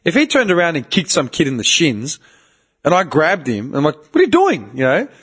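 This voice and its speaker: Animated man, lively swinging pitch. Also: fairly quick, breathy edge. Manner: animated, swearing, mimics people in quoted voices. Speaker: podcast host. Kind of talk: casual podcast chat.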